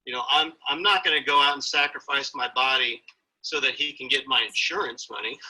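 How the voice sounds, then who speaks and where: Husky-voiced earnest man, bright tone. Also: medium pitch, fairly quick, poor audio. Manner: earnest, motivational. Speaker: guest, father. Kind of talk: interview conversation.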